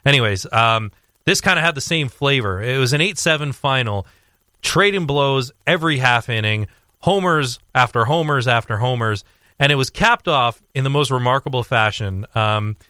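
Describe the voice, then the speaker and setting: A young man talking sports on a radio show, rambling with fillers and restarts as he tells a story with growing excitement. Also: medium pitch, normal speed, no room sound, studio quality. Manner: animated storytelling. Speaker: sports commentator guest. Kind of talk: casual radio sports chat.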